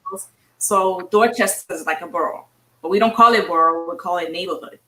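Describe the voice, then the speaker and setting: A woman's voice: lowish voice, fairly quick, sharp tone, roomy sound, recorded from a distance, rough recording. A woman in her forties from Boston, a film producer chatting casually as a guest and laughing often. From Boston, Massachusetts. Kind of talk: casual interview chat.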